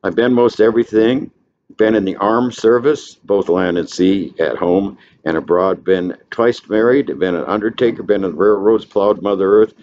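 A calm, rueful outlaw drawls in a folksy Southern accent, as a man reads him aloud. The voice sits higher than the reader's deep natural tone. The recording is dull and lo-fi with a faint hiss. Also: normal speed, natural voice. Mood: calm confessional. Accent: American Southern.

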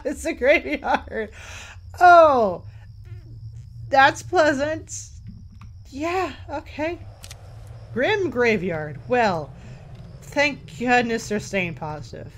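A woman's voice: on the high side, lively intonation, slow, a bit bright. A woman commentating a horror game as she plays, a little tired, jumpy and swearing as she jokes to herself. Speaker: let's play gamer.

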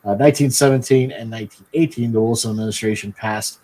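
A man's voice: medium pitch, fairly even intonation, dark tone, poor audio. Guy reading history notes on a podcast, average voice, dry, says uh a lot. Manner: dry, many fillers and quick yeps. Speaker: podcast co-host.

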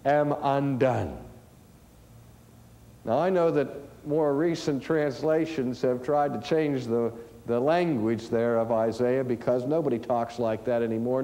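A man preaching a sermon in a slow, deliberate way, building to raised emphasis. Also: on the high side, dark tone. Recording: long hall reverb.

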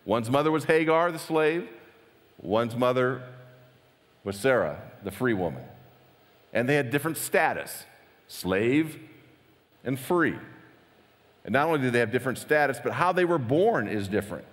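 Animated man preaching in a reverberant hall. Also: mid-range voice, normal speed, long pauses. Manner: animated, conversational preaching with acted-out quotes. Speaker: pastor. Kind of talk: sermon.

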